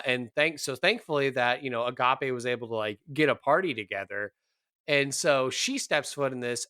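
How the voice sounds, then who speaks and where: Male player narrating his character, animated and rambling. Dry recording. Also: medium pitch, clear, resonant tone, no room sound. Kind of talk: tabletop game role-play.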